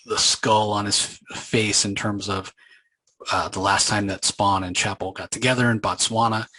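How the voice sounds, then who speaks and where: Husky, bright-voiced man retelling a comic. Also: on the low side, low-quality recording. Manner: rambling and informal, many fillers and restarts. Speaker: comic book reviewer and channel host. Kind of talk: casual commentary, retelling a comic.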